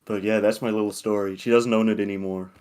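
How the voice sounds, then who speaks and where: A young man with a lowish voice spins a long, loose story between frequent laughs. He rambles and swears freely in relaxed podcast chat. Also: quick pace, clear, resonant tone. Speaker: podcast co-host.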